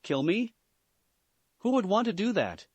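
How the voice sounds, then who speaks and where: A man's voice: high-pitched, very animated, a little slow, breathy edge, no echo, voice pushed up, exaggerated voice. A man voicing a polite, mild-mannered teenage schoolboy who stays unflappable.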